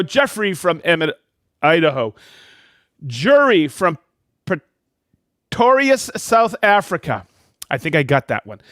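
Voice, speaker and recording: A man's voice: high-pitched, a bit bright, dry recording, studio quality. A man hosting a live stream, upbeat and jokey, reading out viewers' names and hometowns. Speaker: host of a live product show. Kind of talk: livestream shout-outs to viewers.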